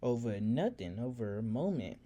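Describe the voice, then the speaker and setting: A man's voice: medium pitch, very animated, moderate pace, warm tone. A man doing a blunt teasing buddy. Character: young man, narrator's blunt loyal friend.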